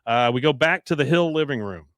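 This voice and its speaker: A man's voice: mid-range voice, animated, brisk, fairly bright tone, no echo. A man hosting a podcast in a studio, recapping an episode in casual chat and chuckling as he reads lines from the show. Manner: chuckles often, reads show quotes aloud. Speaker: podcast host.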